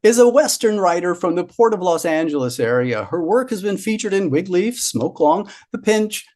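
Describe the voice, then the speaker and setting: A man's voice: high voice, sing-song, moderate pace, darkish tone. A man hosting a reading event, chatting enthusiastically with filler words and introducing the next author.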